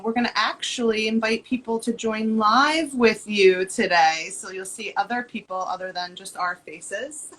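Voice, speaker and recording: A woman's voice: mid-range voice, fairly bright tone, low-quality recording. Bubbly woman host on a video call. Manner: bubbly, friendly introductions with laughs. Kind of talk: casual live-stream talk.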